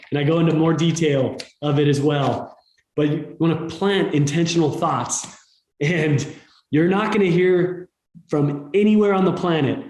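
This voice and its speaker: An emphatic male author giving motivational advice as a podcast guest, with a fairly high voice for a man. His speech echoes in a roomy space. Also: darkish tone. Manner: emphatic, repeats phrases, coaching tone. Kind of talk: motivational interview talk.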